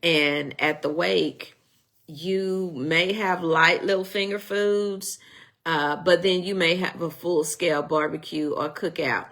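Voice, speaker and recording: A woman's voice: lowish voice, fairly even intonation, slow pace, a bit bright. A middle-aged woman teaching a casual Sunday school Bible lesson, chatty and digressive, joking and restarting her sentences.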